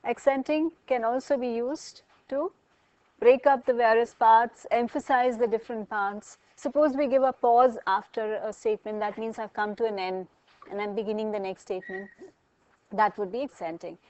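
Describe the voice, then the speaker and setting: A woman's voice: fairly high pitch, steady tone, normal speed, a little mellow, muffled recording. A woman lecturing a college class, asking students questions and explaining with everyday examples.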